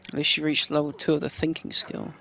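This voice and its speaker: Chatty gamer with a bit of vocal fry, swears a lot, talks to the little sims on screen. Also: medium pitch, fairly even intonation, fast, bright, forceful tone, a little hiss or hum. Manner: chatty, swears freely, talks to the game characters. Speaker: gameplayer. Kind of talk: casual gameplay commentary.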